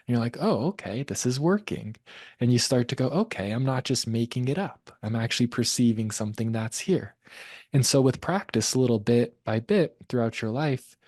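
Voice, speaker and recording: Man teaching energy perception, relaxed. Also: mid-range voice, no room sound, studio quality. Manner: relaxed, conversational, with many fillers. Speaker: class teacher. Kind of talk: teaching a live class.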